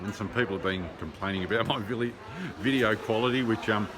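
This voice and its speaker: A man's voice: fairly low pitch, fast. An Australian man vlogging while he walks and rides through city streets, talking bluntly and swearing, with lots of ums. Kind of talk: casual video diary. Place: city streets outdoors, walking and riding. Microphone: handheld phone. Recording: phone video with loud street noise.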